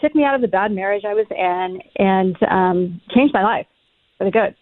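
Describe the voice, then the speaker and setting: A woman's voice: medium pitch, moderate pace, no room sound. Middle-aged woman over a tinny line. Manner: animated, swears freely, acts out her own past lines. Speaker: podcast guest, reality TV cast member. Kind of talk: casual storytelling chat. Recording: tinny phone-like line, dry.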